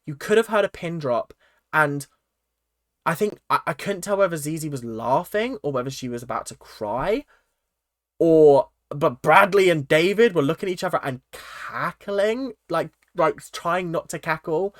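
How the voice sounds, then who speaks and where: A vlogger giving casual, opinionated commentary on a reality show, animated and acting out quoted lines in mock voices, with many fillers and restarts. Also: medium pitch, moderate pace, no echo, studio quality. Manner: chatty with frequent fillers and restarts.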